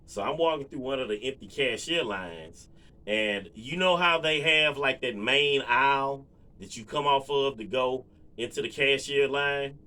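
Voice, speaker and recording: Laid-back dude w/ rambling a story to the cam, um's and you-knows everywhere, bright voice. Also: male voice, mid-range voice, measured pace. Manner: relaxed, rambling, lots of fillers and asides to viewers. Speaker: vlogger. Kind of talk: casual storytelling to camera.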